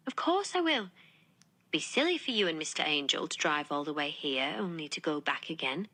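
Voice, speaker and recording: Woman doing an Irish woman teacher, audiobook voice, gentle, obliging, bright, lively pitch. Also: normal speed, heavily acted. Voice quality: soft, gentle.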